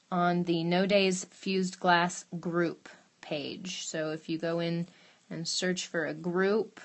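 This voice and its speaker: Woman doing a live craft demo, chatty and easygoing, a bit low-voiced, talks to her viewers while she works. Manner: chatty, thinks aloud while working. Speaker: glass artist demonstrating in a live stream. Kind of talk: casual live demo, answering viewer questions. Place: home glass studio.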